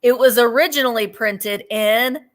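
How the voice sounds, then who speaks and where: A woman's voice: on the high side, measured pace. A woman hosting a live vintage sale, chatting casually, laughing easily and describing each item in detail. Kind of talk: casual live-stream selling.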